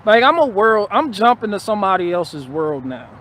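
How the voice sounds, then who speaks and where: A man with a notably high voice holds forth on a casual live stream. He talks bluntly and profanely, doubling back on his words as he builds his rant. A faint hiss of noise sits under the recording. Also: big pitch swings, moderate pace, fairly bright tone. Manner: repetitive, restarting phrases.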